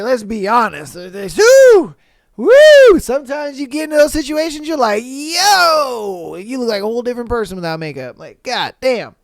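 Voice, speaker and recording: Brief: male podcast host, smooth clear voice, dry close sound, crude slangy commentary. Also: high-pitched, no echo. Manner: profane, slangy, laughing reactions. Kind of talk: casual podcast reading listener posts with commentary.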